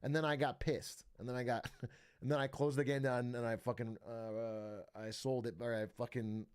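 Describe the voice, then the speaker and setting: A man's voice: medium pitch, level tone, normal speed, clear, resonant tone. A young man streaming, chatting casually with viewers in a rambling, profane way and laughing often. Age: young adult.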